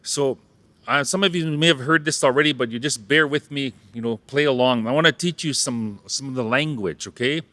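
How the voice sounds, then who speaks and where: Man from Saskatchewan, Canada, mid pitch with a bright edge; cheerful language teacher who jokes and gets the room repeating after him. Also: a little fast, dry recording. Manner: playful, jokes, leads audience call-and-response. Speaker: Cree language teacher and ceremonial helper. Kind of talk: interactive public talk teaching words.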